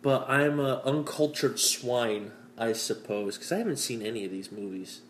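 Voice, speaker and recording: A man's voice: mid-range voice, normal speed. A man from Canada hosting a casual podcast, talking in a cynical, self-mocking way and laughing often. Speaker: podcast host. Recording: roomy room with faint noise.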